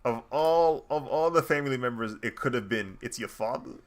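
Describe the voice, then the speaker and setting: A man's voice: mid-range voice, moderate pace. A man talking casually while he draws, rambling and laughing often. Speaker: artist streaming while drawing. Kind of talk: casual commentary while drawing.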